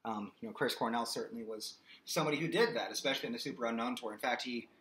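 Racing along in a mid-range voice that's a bit bright, a male vocal coach teaches a singing lesson. He keeps it casual and explanatory, demonstrates by singing, and frequently checks in with "okay?".

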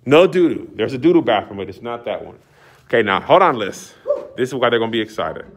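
A fast-talking man with a fairly low voice hypes up his new studio space like a showman as he strolls through it. The large building is empty, and his excitable announcing is caught on a camera mic.

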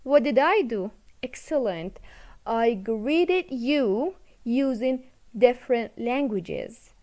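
A woman's voice: fairly high pitch, expressive, takes it slowly, mellow. A woman teaching an English video lesson to children, encouraging, repeating words and switching into to explain.

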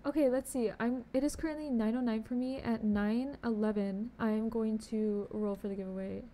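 A woman's voice: a little high, fairly even intonation, moderate pace, mellow. A young woman chatting casually on a game live stream, bubbly and chatty, greeting viewers with pet names. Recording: faint background noise.

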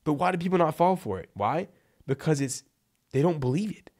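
A man's voice: a little high, expressive, fairly quick, a little mellow. A man giving blunt, emphatic copywriting advice in a casual vlog, tossing in "like" and "right?" as he goes. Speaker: freelance copywriting coach.

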